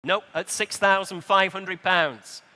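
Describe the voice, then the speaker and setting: A man working as an auctioneer, briskly calling bids at a live sale in a large exhibition hall, with dry asides to the room. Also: high-pitched, fairly even intonation, pushed and bright.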